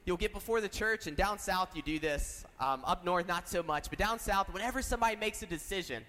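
A man's voice: high voice, fairly quick, pushed and bright. A man voicing a country pastor, plain and reassuring, in a reverberant hall. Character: small-town country pastor, matter-of-fact and encouraging, middle-aged man.

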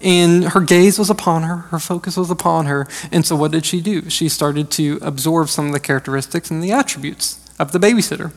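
A man's voice: a little high, a little fast, creaky, few pauses. A man in his thirties, an associate pastor, delivering a conversational sermon with frequent fillers. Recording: long hall reverb.

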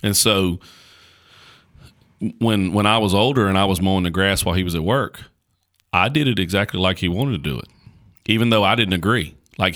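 A man, a pastor, chatting on a podcast, telling stories with many fillers and restarts. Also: deep voice. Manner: storytelling, folksy and animated, with many fillers and restarts. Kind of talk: casual podcast conversation.

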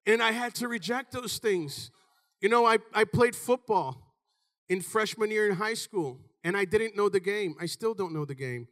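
High, bright-voiced animated male preacher. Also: moderate pace. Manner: animated, shouts in bursts, calls out "Amen?" to the congregation. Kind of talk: sermon.

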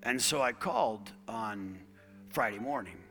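A middle-aged man preaching a sermon in a church, swinging from loud, rising declarations to hushed, near-whispered lines and repeating key phrases for emphasis. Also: fairly low pitch, lively intonation, a little slow, big-room sound, faint music behind. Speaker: pastor. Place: church sanctuary.

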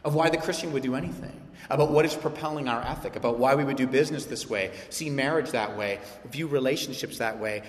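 A man's voice: mid-range voice, quick pace, hardly any pauses. A man preaching a sermon as a pastor, passionate and emphatic, acting out quoted voices. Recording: echoey hall with long reverb.

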